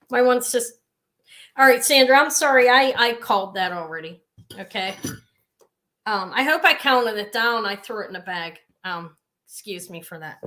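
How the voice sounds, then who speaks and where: A woman's voice: mid-range voice, sharp tone. A woman hosting a live jewelry sale, chatting casually and rambling off into side stories as she shows each piece. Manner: chatty, rambling, with frequent asides. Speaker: host selling jewelry live. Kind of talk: live sales stream chat.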